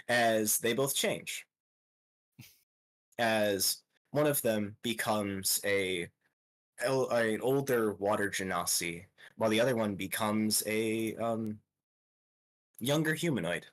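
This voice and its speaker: A young man narrating a tabletop game as game master, with many pauses and fillers. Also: fairly low pitch, fairly bright tone. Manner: hesitant, lots of ums, slow descriptive pacing.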